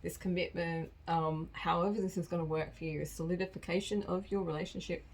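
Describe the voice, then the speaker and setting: A woman talks through a collective tarot reading in a loose, rambling way, laughing at herself as she goes. Her voice sits on the low side, with a faint hiss of noise under it. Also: fairly even intonation, brisk, rough recording. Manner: chatty and rambling, laughs often. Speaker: tarot card reader.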